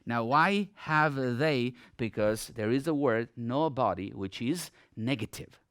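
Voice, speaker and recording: A man's voice: mid-range voice, animated, slow pace, a bit bright, clean tone, dry recording, clean studio sound. A man teaching a grammar lesson in Nepali-accented English, explaining step by step and often saying "okay" as he stresses key words.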